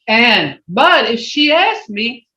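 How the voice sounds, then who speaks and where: A language teacher on a video call who repeats words and swoops the pitch to show tones. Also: sharp tone. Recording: roomy, dull lo-fi video call audio.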